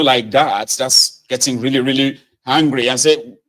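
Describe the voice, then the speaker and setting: A middle-aged man, hosting casual political commentary with sardonic, animated delivery. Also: mid-range voice, brisk. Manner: animated, sardonic, swinging between mutters and outbursts.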